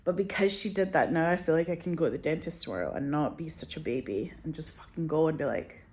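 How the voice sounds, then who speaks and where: A middle-aged woman vlogger talks casually to the camera in a low, somewhat dark voice at a quick pace. She rambles anxiously and swears a lot.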